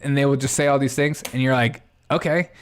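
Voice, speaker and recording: A man's voice: mid-range voice, little pitch movement, fast, smooth. Sarcastic male livestream host. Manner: sarcastic, laughs often, thinks aloud. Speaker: political commentary host reacting to clips. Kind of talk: casual livestream commentary.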